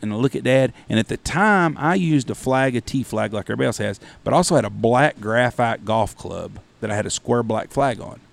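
A man with a gravelly, creaky voice spins a rowdy story full of cussing and bursts of energy. His voice sits at an average pitch, and the telling stays loose and conversational. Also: a little fast, few pauses. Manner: profane, animated anecdote-telling. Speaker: podcast host. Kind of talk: casual storytelling.

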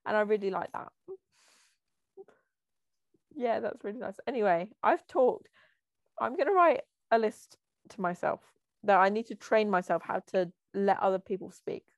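A young woman co-hosting a podcast over a call, talking fast and freely with a self-deprecating edge. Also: medium pitch, dry recording, lo-fi sound. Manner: fast, chatty, self-deprecating, laughs often. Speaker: podcast co-host. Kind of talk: casual chat. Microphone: remote call.

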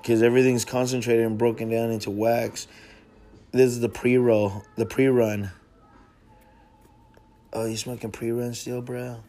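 A man's voice: mid-range voice, level tone, unhurried, pauses often, warm tone. A man hosting a casual podcast chat, laid-back and slangy, swearing freely. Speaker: podcast host.

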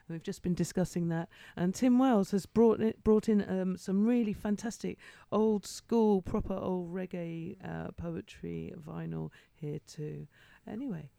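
A woman's voice: on the low side, gravelly, no echo. A woman hosting a radio poetry show, chatting enthusiastically with fillers. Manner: warm, enthusiastic, many fillers. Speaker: radio host. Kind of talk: casual radio chat.

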